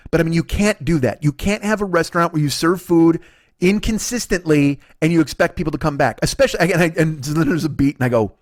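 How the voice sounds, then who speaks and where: A comedian in his forties with a notably high, raised voice, ranting through a story with exasperated swearing. He builds his complaints with fast restarts and mock dialogue. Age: 40s. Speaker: comedian, podcast host.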